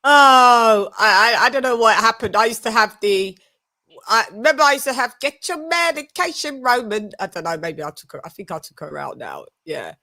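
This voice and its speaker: A woman's voice: mid-range voice, sing-song, a little fast, bright, forceful tone. A British woman hosting a casual online show, chatty, laughing and loose with her words. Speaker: host. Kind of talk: casual chat.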